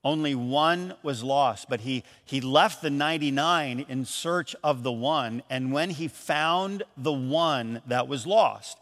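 A man from Michigan preaching a sermon as an animated storyteller, raising his voice when he calls out lines. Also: mid-range voice, slow, few pauses, long reverb tail. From Michigan, USA. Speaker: pastor.

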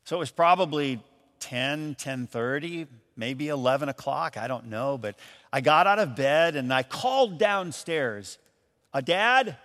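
A man from Michigan preaching a sermon as an animated storyteller, raising his voice when he calls out lines. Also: mid-range voice, measured pace, in a large hall. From Michigan, USA. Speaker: pastor.

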